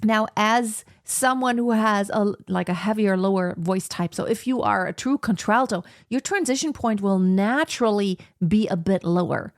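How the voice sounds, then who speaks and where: A woman teaching singing, explaining slowly and breaking into sung operatic soprano examples. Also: medium pitch, no room sound, studio quality. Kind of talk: vocal lesson with sung demonstrations.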